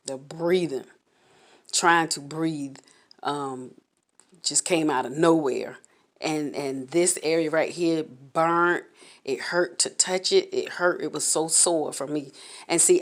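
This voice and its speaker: A woman vlogger candidly recounting a personal experience to camera, halting and repeating words as she goes. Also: deep voice. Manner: candid, halting, repeats words while telling her story.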